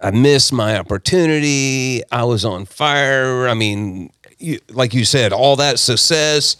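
A man from South Texas, telling his personal story as a podcast guest in an emphatic, animated way. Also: medium pitch, takes it slowly, smooth, dry recording, clean studio sound.

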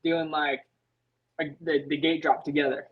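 A young adult man, a motocross racer, telling stories as a podcast guest in an animated way, leaning on filler words. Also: a little high, moderate pace, breathy edge, narrow, tinny audio. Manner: animated, leans on filler words, acts out his own past thoughts. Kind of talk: casual podcast storytelling.

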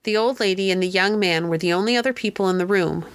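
A woman narrating a classic novel as an audiobook, in a gentle, unhurried storytelling manner. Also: mid-range voice, no room sound. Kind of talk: audiobook reading.

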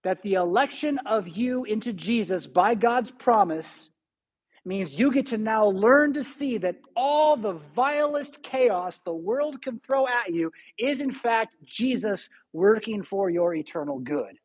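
A middle-aged male pastor delivers a sermon in a church with a slightly husky, breathy voice. He tells animated stories with sudden swings between loud and soft. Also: high voice, measured pace. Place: church sanctuary.

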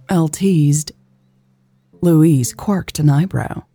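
A woman narrating a romance audiobook in a calm, intimate, unhurried way. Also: sits low, slightly rough, dry recording, faint music behind.

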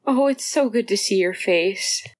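A woman voicing a warm, fussing middle-aged mother who coos and scolds in a bright sing-song. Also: medium pitch, a little slow, lightly acted. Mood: delighted. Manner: fond, then mock-scolding. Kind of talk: audiobook character voice.

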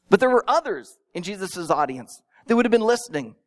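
A pastor preaching a sermon, telling it with animated storytelling and acting out imagined listeners, with small stammers. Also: mid-range voice, a little fast. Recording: long reverb in a large hall.

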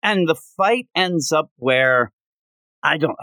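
Animated man recapping comics. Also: on the high side, slow, no echo. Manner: animated, acts out comic characters' lines mid-recap. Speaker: podcast co-host. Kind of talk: casual comic book review chat.

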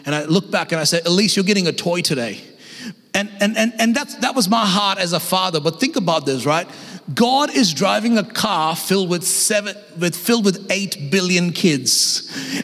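A man in his thirties delivers a lively sermon in a high voice, speaking casually and animatedly to his congregation. His words carry a long reverb from a large church auditorium. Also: normal speed. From Australia. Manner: energetic, conversational preaching with acted-out voices. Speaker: guest pastor.

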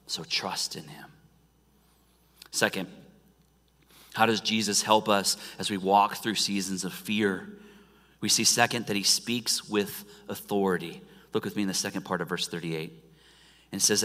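Midwestern man, pastor, sermon, forceful bright tone, sudden drops to a hush, long church echo. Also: sits low, normal speed. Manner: swings from loud emphatic lines to soft near-whispers. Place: church sanctuary. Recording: long church-hall reverb.

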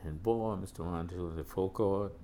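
An older man from the South, recounting school memories as an animated storyteller who keeps saying "boy" and "man". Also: deep voice, moderate pace, slight background noise. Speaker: interviewee recalling school days. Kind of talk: casual storytelling interview.

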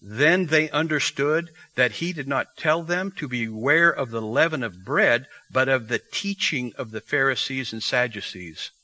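A man's voice: mid-range voice, a little slow, hardly any pauses, bright, forceful tone, poor audio. A man preaching an expository sermon, teaching verse by verse and reading scripture aloud.

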